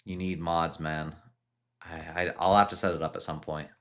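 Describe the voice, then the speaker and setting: A man with a very deep voice reads viewer questions off a live chat and answers each one in turn. He talks in a loose, unhurried way, often stopping and restarting a sentence before he gets it out. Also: fairly even intonation, fairly bright tone. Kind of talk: casual live-stream chat.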